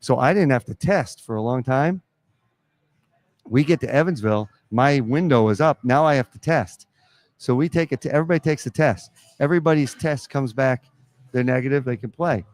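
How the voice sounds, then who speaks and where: Animated storytelling basketball coach, man. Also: medium pitch, moderate pace, dry recording. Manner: animated storyteller acting out quotes. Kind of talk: storytelling in a live podcast interview. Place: pizza restaurant.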